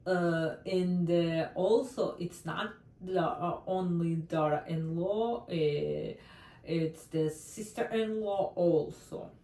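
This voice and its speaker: A woman with a Russian accent teaching a language lesson slowly and carefully, stressing words and modelling pronunciation, with slips in her English grammar. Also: on the low side, mellow, echoey room. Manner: slow, careful, emphatic, with non-native English grammar slips.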